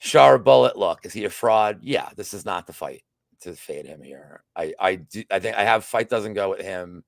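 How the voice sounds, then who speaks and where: A man's voice: deep voice, expressive, normal speed, gravelly, no room sound, studio quality. A man hosting a betting podcast, chatting casually through fight picks with rambling restarts and profane asides. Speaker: sports betting podcast host.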